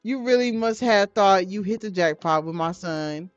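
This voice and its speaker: A woman's voice: mid-range voice, normal speed, no echo, soft background music, lightly acted. A woman voicing a stern, wealthy older father who scolds coldly, on a dull lo-fi recording. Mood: scornful. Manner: cold, scolding, lecturing.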